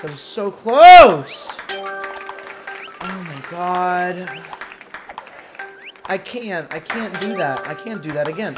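A young man giving casual gameplay commentary, exasperated and swearing a lot as he groans and laughs at his misses. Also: a little high. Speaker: gaming video creator. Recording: game music playing loudly under the voice. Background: game music.

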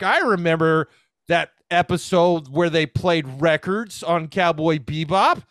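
A man hosting a podcast in casual, profane chat, joking with a dark sense of humor. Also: a little high, unhurried, no room sound, clean studio sound. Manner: jokey, swears often, dark humor. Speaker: podcast host.

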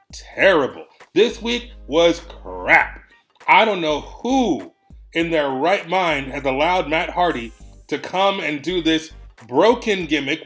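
A high-pitched man delivers an exasperated, emphatic rant as a wrestling commentary vlogger. His voice jumps up and down with frustration, and faint music plays under him. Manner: exasperated, emphatic ranting with big swings in pitch and loudness. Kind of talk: ranting commentary.

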